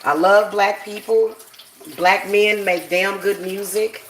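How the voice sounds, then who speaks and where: A woman's voice: mid-range voice, fairly even intonation, takes it slowly, roomy sound, slight background noise. Blunt, profane woman ranting at home. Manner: blunt, profane, laughing, talks straight to viewers. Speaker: spiritual practitioner vlogger. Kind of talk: casual ranting vlog.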